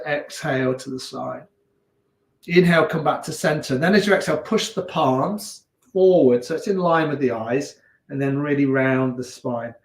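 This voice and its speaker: A man with a Leicester accent teaching a gentle yoga class, giving calm, unhurried cues with chatty asides. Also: fairly high pitch. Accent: Leicester English. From England. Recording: echoey room.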